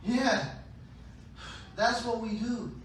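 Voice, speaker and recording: A man preaching a sermon, playful, acting out scenes with sudden shouted voices, recorded in a large church hall. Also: very high voice, drawn-out words. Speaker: pastor. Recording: echoey hall, distant mic, faint noise.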